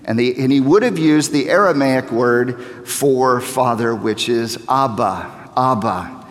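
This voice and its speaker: A man in his thirties preaching a sermon as a pastor, earnest and repeating key phrases for emphasis as he builds to fervor. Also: medium pitch. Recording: long reverb of a large hall.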